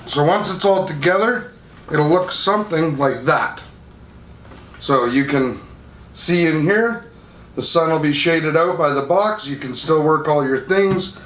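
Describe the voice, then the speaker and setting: A man's voice: fairly high pitch, measured pace, a bit bright. A man hosting a casual chat about drone accessories, rambling with fillers and restarts. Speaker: channel host reviewing drone gear. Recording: echoey room with faint noise.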